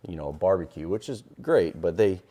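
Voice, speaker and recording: Low, dark-voiced man telling stories. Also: lively intonation, fairly quick. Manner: earnest storyteller with many fillers and restarts. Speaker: guest, hardscaper and water feature builder. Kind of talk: casual podcast conversation.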